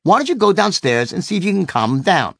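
A man's voice: high voice, very animated, fast talker, gravelly, breathy edge, no echo, studio quality, pitched above the performer's own voice, exaggerated voice. A man quoting his fiancée in nearly his own voice, sounding concerned and urging. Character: adult woman, the narrator's concerned fiancée.

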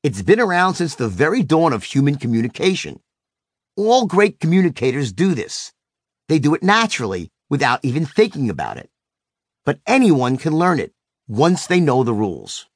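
A middle-aged sales trainer delivers an animated teaching monologue on a sales technique, brash and swearing freely, acting out the people in his anecdotes with big pitch swings. He speaks at a moderate pace in a dry, studio-quality recording.

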